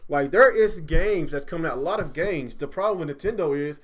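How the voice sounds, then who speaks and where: A man hosting a casual gaming livestream, animated and quick to swear when riled up. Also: a little high. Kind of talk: casual chat.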